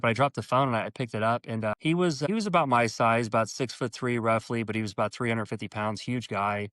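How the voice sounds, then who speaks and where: A man as an interview guest telling a personal story earnestly, halting and restarting, and acting out quoted dialogue with his voice jumping up in pitch. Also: fairly bright tone, no room sound.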